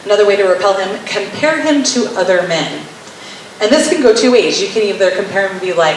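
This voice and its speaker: A woman's voice: mid-range voice, expressive, fairly quick, recorded from a distance. A woman teaching about marriage in a wry, teasing way, slipping into little acted-out scenes. Her voice sits in the middle of a woman's range. She is heard from across a very echoey room, with a faint hiss under her. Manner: wry, playfully sarcastic, acts out little scenes. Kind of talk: teaching talk to wives.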